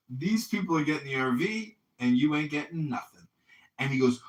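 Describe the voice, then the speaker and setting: A man's voice: medium pitch, animated, a little fast, fairly bright tone. A man hosting a casual chat, telling profane stories and acting out the voices of the people in them. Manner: profane storytelling, acts out voices. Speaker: host. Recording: roomy, distant from the mic.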